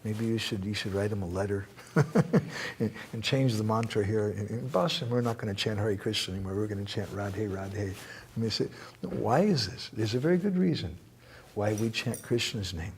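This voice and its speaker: Lively man giving a spiritual talk. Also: lowish voice, normal speed, slight background noise. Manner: animated, quotes verses, jokes and laughs. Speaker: speaker answering questions. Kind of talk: spiritual lecture with Q&A. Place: temple hall.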